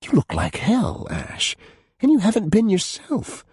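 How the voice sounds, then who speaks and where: A man's voice: high-pitched, huge pitch swings, measured pace, a little mellow, slightly rough, no room sound, clean studio sound, pitched above the performer's own voice, heavily acted. A man voicing a blunt, fiercely protective young woman friend in an audiobook, talking firmly. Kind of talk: audiobook character voice.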